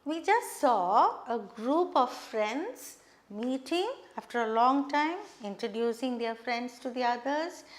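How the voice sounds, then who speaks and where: A woman's voice: a little high, animated. A woman with an Indian English accent teaching an English lesson, reading dialogue aloud and demonstrating intonation patiently. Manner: slow and patient, stresses rising and falling tones to demonstrate intonation.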